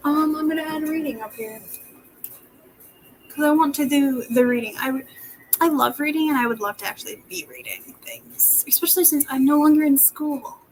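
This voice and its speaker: A young woman vlogging casually as she plans her monthly goals, chatting and slipping into soft whispered asides while she writes. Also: high voice, lively intonation, normal speed, a little hiss or hum, low-quality recording. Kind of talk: casual planning vlog.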